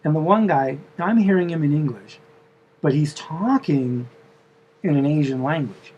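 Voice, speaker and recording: A man's voice: on the high side, animated, unhurried, darkish tone, lo-fi sound, slight background noise. A man telling the story of a dream in a casual, meandering way, full of fillers and asides.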